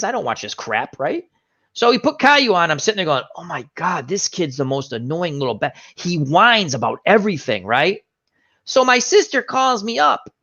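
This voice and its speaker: A man hosting a casual online chat, with a fairly high voice that swoops up and down as he acts out every line of a story. The audio is dull and lo-fi, like a low-quality stream. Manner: animated storytelling, acts out quotes. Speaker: show host.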